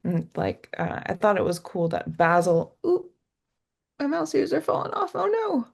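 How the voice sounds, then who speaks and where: Giggly young woman with gravelly fry. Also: lowish voice, normal speed. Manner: giggly, animated retelling with acted quotes. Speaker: podcast co-host. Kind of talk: casual chat.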